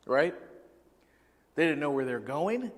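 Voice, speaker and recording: A man's voice: a little high, big pitch swings, slow, long reverb tail. A man preaching a sermon as pastor, talking conversationally and asking the congregation questions.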